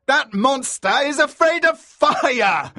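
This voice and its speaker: A man voicing a bold, daring male explorer who exclaims in a raised, excited voice. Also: very high-pitched, takes it slowly, no echo, clean studio sound, pitched above the performer's own voice, exaggerated voice. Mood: triumphant.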